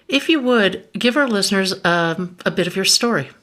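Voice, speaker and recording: A woman's voice: medium pitch, expressive, moderate pace, a bit bright. A woman hosting a podcast interview, introducing her guest and chatting with her. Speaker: podcast host.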